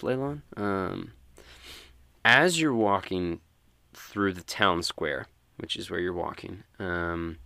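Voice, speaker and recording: A man narrating a tabletop role-playing game as game master, relaxed with many fillers. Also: low-pitched, creaky, no room sound.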